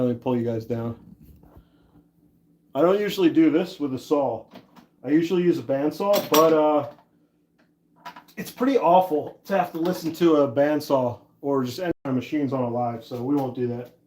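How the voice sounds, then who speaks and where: Shaping an axe handle on his livestream, this man in his 30s talks casually with viewers, laughing readily and responding to chat messages. His voice is fairly high and darkish, normal in speed, with frequent pauses and slight background noise.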